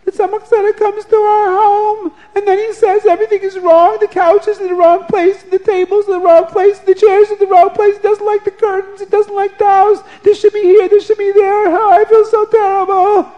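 A man voicing a distraught young bride who complains in a high, wailing voice. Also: little pitch movement, brisk, hardly any pauses, dull audio.

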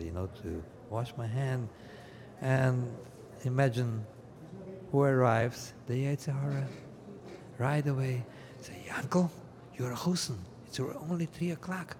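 An older comedian at a wedding tells stand-up jokes to a live crowd, laughter rising behind him. His voice is fairly low and creaky, and he's an animated storyteller who acts out voices and sound effects.

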